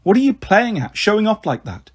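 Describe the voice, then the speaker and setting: A man's voice: high voice, sing-song, brisk, voice pushed up. A man reading aloud, voicing a stern, fussy mother who scolds her daughters in a storybook. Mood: scolding. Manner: scolding, exasperated.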